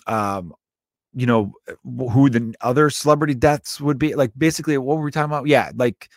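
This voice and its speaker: A podcast host in his thirties delivers a casual storytelling monologue with a medium-pitched, brisk voice. It's rambling and profane, often cut off mid-sentence, and recorded with studio quality and no room sound.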